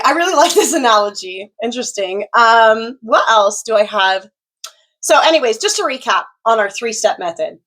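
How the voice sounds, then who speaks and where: A woman's voice: medium pitch, fairly bright tone. Woman tarot reader, loose casual chat, lots of likes and ums, laughs and swears. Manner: chatty, filler-heavy, giggly, swears freely.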